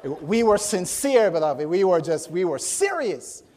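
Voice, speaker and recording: A man tells his story from the pulpit, breaking into high shouts as he acts out other voices. His pitch swings widely, sitting a little high for a man, and he laughs along with his own tale. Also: sing-song, a little slow, heavy background noise. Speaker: preacher. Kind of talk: animated sermon storytelling.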